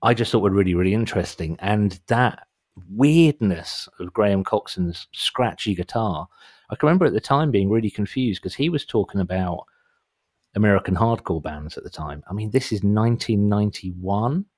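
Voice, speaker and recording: Podcast co-host, man in his forties, lowish voice, rambling and self-mocking. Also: animated, normal speed, darkish tone. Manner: rambling, self-deprecating, breaks into mock voices. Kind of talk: casual chat. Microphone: headphones, home mic.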